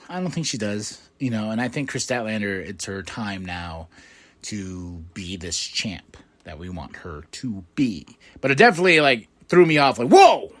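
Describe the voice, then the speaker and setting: A man hosting a podcast, recapping events with animated swings from low mutters to loud excited outbursts and casual swearing. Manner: swears casually, quick asides. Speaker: podcast host.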